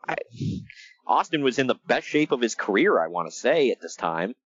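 A man co-hosting a casual podcast, his pitch swinging widely as he rants, sounding exasperated and breaking into laughs. The recording is dry and a little dull, as from a close home mic. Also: normal speed, breathy edge, no echo. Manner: animated, exasperated, laughs often. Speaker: podcast co-host. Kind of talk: casual wrestling podcast chat.

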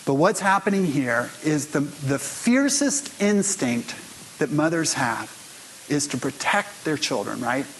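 A man's voice: on the high side, big pitch swings, unhurried, slight background noise, low-quality recording. A man pastor giving a sermon in a conversational storytelling way, speaking straight to his congregation.

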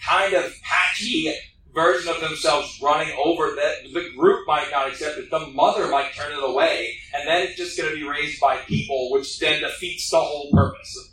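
A man's voice: on the high side, moderate pace, bright, forceful tone, a little hiss or hum. A man who works at a zoo, talking animatedly on a live panel and laughing often. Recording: echoey room, distant mic.

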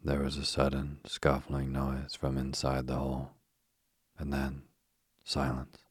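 A man reading a children's storybook aloud as narrator, calm and unhurried. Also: a bass voice, breathy edge, no echo, clean studio sound.

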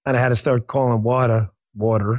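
A man's voice: mid-range voice, steady tone, fairly quick, a little mellow. A man from Queens, New York, hosting a political commentary podcast in a brash, profane, rambling way with frequent restarts. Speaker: host.

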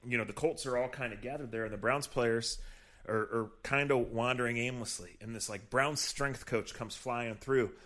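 A man on a casual podcast, spinning stories with an even, mid-range voice. He acts out the people in his stories and keeps the chat loose and conversational. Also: medium pitch, moderate pace. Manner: animated storyteller who acts out quotes. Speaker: podcast co-host, team reporter.

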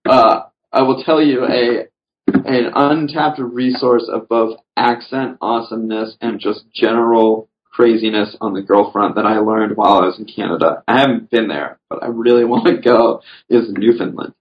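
A man's voice: mid-range voice, fairly even intonation, normal speed, a little hiss or hum. A man chatting casually on a podcast as a guest, rambling through his stories with lots of "you know" fillers. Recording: dull lo-fi recording.

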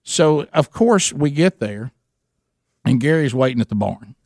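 Gravelly radio host telling a story. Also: male voice, mid-range voice, unhurried, dry recording, clean studio sound. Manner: animated, stumbling retelling with many restarts. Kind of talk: storytelling on a talk show.

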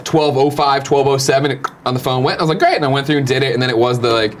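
A man's voice: mid-range voice, fast, a little hiss or hum. A man co-hosting a casual morning show, rambling through profane anecdotes. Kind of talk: casual chat.

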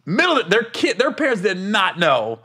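A middle-aged man hosting a casual chat, an animated storyteller who laughs often. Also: sits high, a little fast, slightly rough.

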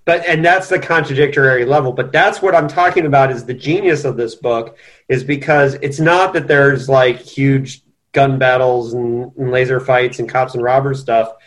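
A man's voice: mid-range voice, normal speed, a bit bright. A man co-hosting a podcast, discussing a novel in casual chat, thinking aloud with earnest restarts. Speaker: podcast co-host.

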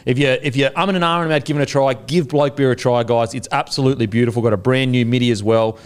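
A man's voice: mid-range voice, steady tone, fast, smooth. An Australian man hosting a sports podcast in a studio, bantering loosely, swearing often and plugging sponsors. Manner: banter-heavy, swears freely, plugs sponsors. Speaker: podcast host. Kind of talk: casual sports podcast chat.

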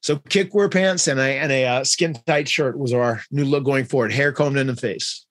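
A man's voice: medium pitch, moderate pace, no echo. A man hosting a podcast, telling stories animatedly and acting out what others said. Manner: animated, acts out quotes in other voices. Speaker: podcast host. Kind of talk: storytelling in conversation.

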